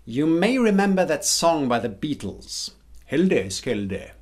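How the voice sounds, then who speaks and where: A man's voice: fairly high pitch, big pitch swings, moderate pace. A man with a Hessian German accent who speaks as a video host explaining accents in a dry, wry way. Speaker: accent teacher.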